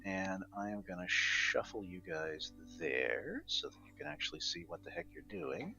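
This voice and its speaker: A man's voice: sits low, sing-song, normal speed, vocal fry, pushed and bright, faint music behind. Male game master, easygoing scene-setting, dull lo-fi sound. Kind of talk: narrating a tabletop game.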